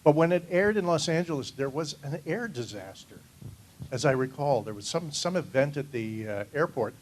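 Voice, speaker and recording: A man on a convention panel recalling past events in a dry, deadpan, teasing way. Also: on the high side, moderate pace, slight background noise, poor audio. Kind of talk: anecdotal panel talk.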